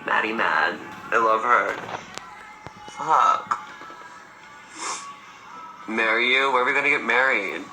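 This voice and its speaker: A man's voice: medium pitch, animated, slow, long pauses, pushed and bright. A man in his twenties chatting on a livestream, sassy and campy, telling stories with plenty of swearing and laughter, on a phone mic. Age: 20s. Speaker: livestream host. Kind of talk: casual livestream chat. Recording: echoey room, faint music behind.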